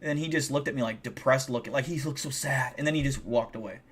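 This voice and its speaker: A man's voice: mid-range voice, fast talker, slightly rough. A man hosting a live stream, telling a story casually and swearing a lot. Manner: profanity-heavy, animated retelling. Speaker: livestream host.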